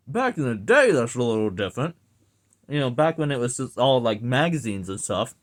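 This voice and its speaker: A man's voice: mid-range voice, lively intonation, normal speed. Rambling Southern man ranting. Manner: rambling, profane, laughs often. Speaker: YouTube commentator. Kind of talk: casual rant to camera.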